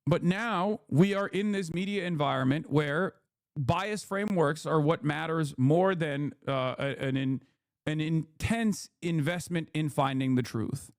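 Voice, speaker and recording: A man's voice: on the high side, unhurried, dry recording, studio quality. A man ranting sarcastically and with profanity as a political commentator on a casual livestream. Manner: heated, profane, sarcastic rant.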